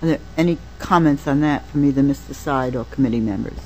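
A woman chairs a committee hearing in a soft, mellow voice, with faint noise behind her. She keeps her remarks short and procedural. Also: extremely low pitch, fast, low-quality recording. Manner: brief, procedural.

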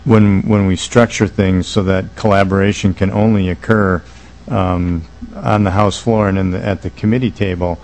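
A male state legislator speaking at a committee hearing, earnest and measured, halting with many fillers as he proposes an amendment. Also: low voice, steady tone, darkish tone, rough recording.

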